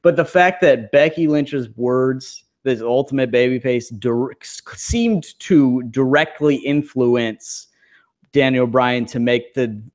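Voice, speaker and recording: A man's voice: medium pitch, slow pace, a little mellow. A man co-hosting a podcast in a casual, rambling chat, full of fillers and swearing. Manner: rambling, filler-heavy, profane. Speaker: podcast co-host.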